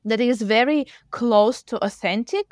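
A woman's voice: fairly high pitch, measured pace, no room sound. Woman, English teacher and podcast co-host; talkative, aside-heavy; dead-dry recording. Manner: talkative, animated, many fillers and asides. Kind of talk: casual podcast chat.

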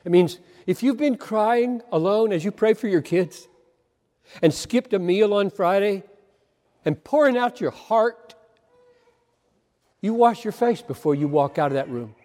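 Male preacher, high-pitched, impassioned sermon delivery in a hall with a long reverb. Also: lively intonation, a little slow, long pauses, dark tone. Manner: impassioned, emphatic, repeats words for stress.

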